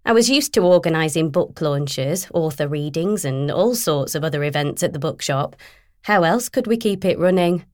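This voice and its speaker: A woman narrates a first-person novel in a wry, even storytelling tone. Her voice sits somewhat low for a woman. The recording is dry and close, with no room sound. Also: no room sound. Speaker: audiobook narrator.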